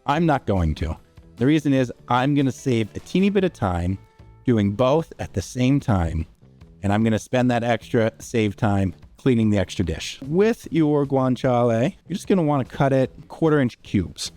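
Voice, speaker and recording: A man's voice: medium pitch, animated, moderate pace, darkish tone, soft background music. Chatty man hosting a home cooking show. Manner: chatty, informal, with frequent "all right?" asides. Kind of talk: casual cooking demonstration. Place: home kitchen.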